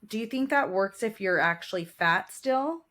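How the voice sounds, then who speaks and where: A woman's voice: mid-range voice, animated, normal speed, a bit bright. A woman in her forties co-hosting a podcast, chatting casually and telling stories with laughs and emotion. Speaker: podcast co-host. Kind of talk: casual chat.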